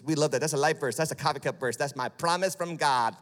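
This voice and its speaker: A male lead pastor preaching a sermon, blunt and sarcastic, dropping low and then rising to loud, emphatic peaks. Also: fast, few pauses, big-room sound. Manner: emphatic, swings from hushed to shouting. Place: church sanctuary.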